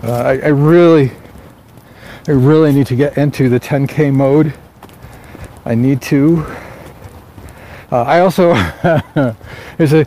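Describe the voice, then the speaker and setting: A man's voice: mid-range voice, warm tone. A man vlogging casually outdoors as an author, musing aloud in a rambling way with lots of fillers and restarts. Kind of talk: casual morning vlog.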